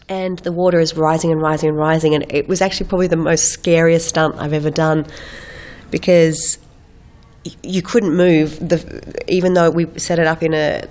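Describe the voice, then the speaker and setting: Low-voiced woman telling stories. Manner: animated, laughing, many restarts. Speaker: actor guest. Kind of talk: casual interview storytelling.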